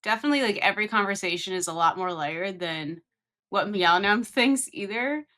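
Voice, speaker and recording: A young woman co-hosting a podcast, talking in a measured, thoughtful way in casual chat. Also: mid-range voice, expressive, bright, forceful tone. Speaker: podcast co-host.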